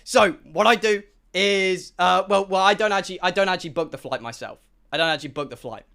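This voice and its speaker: High-voiced excitable man rambling. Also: quick pace, gravelly. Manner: rambling, excitable, full of stammered restarts. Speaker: streamer. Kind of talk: storytime chat to a stream.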